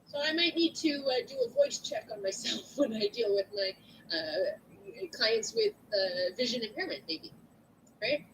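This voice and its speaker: Loud, lively woman teaching. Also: high-pitched, measured pace, vocal fry, a little hiss or hum, poor audio. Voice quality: big loud voice. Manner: chatty, animated, asks "right?" often. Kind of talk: online lecture to students. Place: at home at a computer. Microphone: computer mic.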